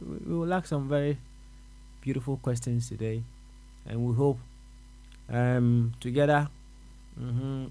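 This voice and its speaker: A man with a Ghanaian accent talks his way through a radio show in an ordinary middle-range voice. He muses aloud, circles back over his own words and nods himself along with soft uh-huhs. A low electrical hum sits under the recording. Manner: musing, repeats words, answers himself with uh-huh. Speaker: radio host. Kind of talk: reflective radio talk.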